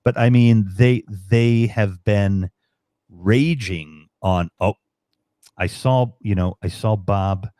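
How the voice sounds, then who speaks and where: A man's voice: lowish voice, slow pace, mellow, no echo, clean studio sound. A man from Chicago telling rambling, profane stories in a casual live-stream chat. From Chicago, USA.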